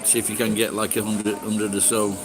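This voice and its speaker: Halting, swearing man chatting live on his channel, with clear music under his voice. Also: lowish voice, monotone, rough recording. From Sheffield, England. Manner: rambling, halting, swears casually. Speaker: livestream host. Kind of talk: casual livestream chat.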